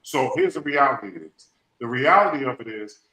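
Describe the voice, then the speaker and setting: A male podcast host with a mid-range voice delivers an emotional motivational talk, speaking fairly quickly with lively intonation and a sharp tone. He repeats phrases and uses folksy slang, and the recording quality is poor.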